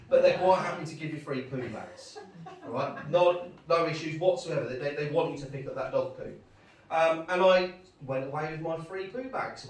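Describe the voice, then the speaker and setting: A middle-aged man performing a chatty stand-up set in a pub, bantering with the crowd. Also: a little high. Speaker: stand-up comedian. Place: pub gig room. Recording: echoey pub room, distant mic.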